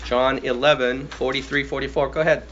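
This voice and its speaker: A man's voice: mid-range voice, flat delivery, a little fast, fairly bright tone. A man teaching a group Bible study, prompting readers and asking questions, who affirms their answers. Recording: slightly muffled with faint hiss.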